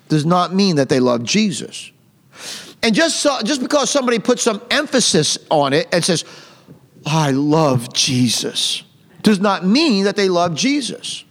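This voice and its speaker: A man with a high voice leads a Bible study, and his voice carries a long reverb, as in a large hall. He reads scripture slowly and stops to explain hard words. Then he drives his points home with emphatic, repeated phrases. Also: fairly bright tone. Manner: slow, deliberate reading of scripture, pausing to define words; repetitive and emphatic, with rising intensity.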